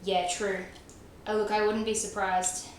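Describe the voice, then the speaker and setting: A woman's voice: mid-range voice, little pitch movement, a little slow. A young woman livestreaming a game, chatting casually with her chat, self-mocking and laughing often. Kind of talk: casual chat while gaming, reading chat. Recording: very echoey room, faint noise.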